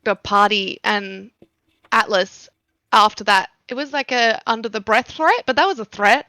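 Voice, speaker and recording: Woman player, eager and chatty, slightly high, bright tone. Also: measured pace, no room sound. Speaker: tabletop game player. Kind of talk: casual game play.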